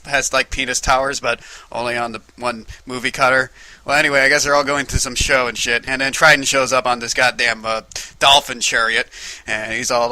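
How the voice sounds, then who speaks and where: Very bright-voiced man rambling crudely. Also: mid-range voice, no echo, rough recording. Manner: rambling, crude, full of "like" fillers. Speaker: comedic film summarizer. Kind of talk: rambling profane movie recap.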